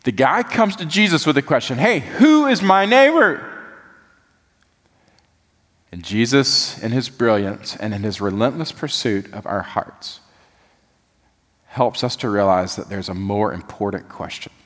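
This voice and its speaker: A man preaching a sermon as pastor, animated and folksy, often dropping his voice soft for emphasis. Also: fairly low pitch, normal speed. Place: church sanctuary. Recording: long reverb of a church hall.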